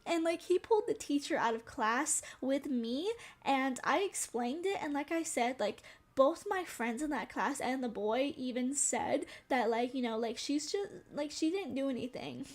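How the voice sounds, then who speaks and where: A woman's voice: sits high, lively intonation, normal speed. A young woman streamer telling a personal story in casual chat, frank and chatty, swearing now and then. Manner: calls herself very sensitive.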